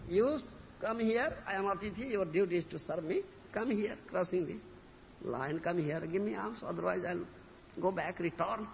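Guy doing a stern holy man demanding alms, kinda low and dull recording. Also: normal speed, gravelly, slight background noise. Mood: insistent. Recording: reverberant hall, dull lo-fi sound.

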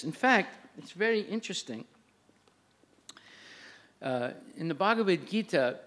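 An older man teaching a spiritual lecture in a fairly high voice. He moves between plain, patient explanation and verses recited in a chanting lilt. The talk has a steady, lecturing rhythm. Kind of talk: religious lecture.

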